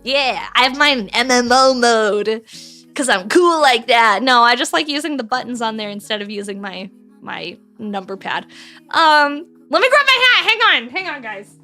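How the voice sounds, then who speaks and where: A woman's voice: on the high side, lively intonation, moderate pace, bright, forceful tone, faint music behind. A woman streamer chatting casually with her live chat from home, giggly and swearing freely.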